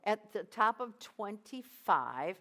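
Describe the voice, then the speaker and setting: A woman leading a choir rehearsal as vocal coach, giving encouraging instructions between high sung drills. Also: sing-song, slow pace, bright, forceful tone, faint music behind.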